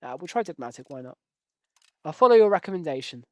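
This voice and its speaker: A man's voice: on the high side, very animated, fast talker, mellow, no echo. A man giving casual, rambling live commentary while playing a strategy game, joking at his own expense and swearing now and then. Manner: rambling, jokey, self-deprecating.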